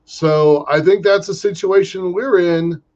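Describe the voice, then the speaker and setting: A man co-hosting a podcast, chatting casually about space industry news in an animated way, often restarting his sentences. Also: sits high. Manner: animated, halting with restarts and fillers. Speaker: podcast co-host. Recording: muffled lo-fi audio.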